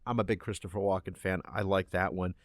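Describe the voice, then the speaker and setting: Animated man retelling ads on a podcast. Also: deep voice, a little fast, dry recording, clean studio sound. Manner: animated storyteller, recounting ads with acted asides. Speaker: podcast co-host. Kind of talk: casual chat.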